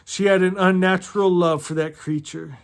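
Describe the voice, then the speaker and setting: A man's voice: sits high, fairly even intonation, normal speed, creaky. A middle-aged man reading a novel aloud and commenting on it casually, emotional, often laughing and swearing.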